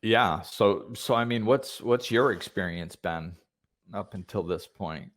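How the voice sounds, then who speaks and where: A man hosting a podcast, talking in a thoughtful, hesitant way with many pauses and restarts. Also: on the low side. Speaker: podcast host. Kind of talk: reflective conversational talk.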